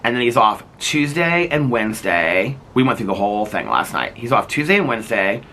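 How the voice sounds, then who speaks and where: A man's voice: medium pitch, sing-song, fairly quick, bright, forceful tone, slight background noise. A man in his fifties chatting casually and rambling in a daily vlog, laughing often. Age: 50s. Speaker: vlogger. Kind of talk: casual chat.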